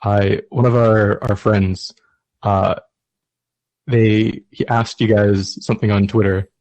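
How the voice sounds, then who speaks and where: 淡々と冗談を言う低い声の男性ゲスト. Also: male voice, flat delivery, slow pace, darkish tone, no room sound. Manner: dry, low-key humor. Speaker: podcast guest, martial arts writer. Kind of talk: casual podcast chat.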